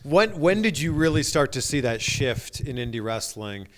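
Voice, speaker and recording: A man's voice: medium pitch, big pitch swings, normal speed, fairly bright tone. A male interviewer asking curious follow-up questions and giving brief reactions.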